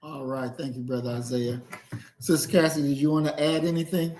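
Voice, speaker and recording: A man's voice: fairly high pitch, level tone, a little fast, darkish tone, slight background noise. A man hosting a group discussion, critical and lecturing in tone. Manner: critical, lecturing, says "that's not" over and over. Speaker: discussion host. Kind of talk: moderating a discussion.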